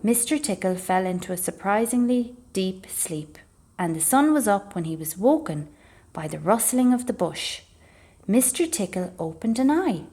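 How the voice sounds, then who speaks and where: A woman reading a children's storybook aloud as a library storyteller, expressive and measured. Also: medium pitch, husky.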